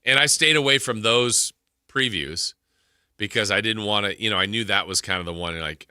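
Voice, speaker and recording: A sports radio host with a low, bright, forceful voice. He talks in a loose, rambling way and lets his sentences trail off. The sound is close and dry in a studio. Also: normal speed, smooth, dry recording. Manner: rambling, laid-back, trailing off. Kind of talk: casual chat and show segue.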